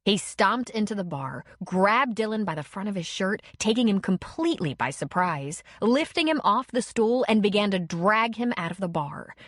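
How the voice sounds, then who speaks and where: A woman's voice: mid-range voice, no room sound, clean studio sound. Woman narrating a romance audiobook. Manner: measured, expressive storytelling.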